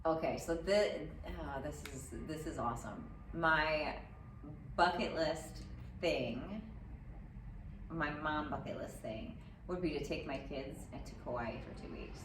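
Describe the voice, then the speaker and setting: Woman, podcast guest, animated storyteller; distant mic, noisy echo. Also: deep voice, takes it slowly. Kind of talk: casual chat. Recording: echoey room, mic far off, noisy.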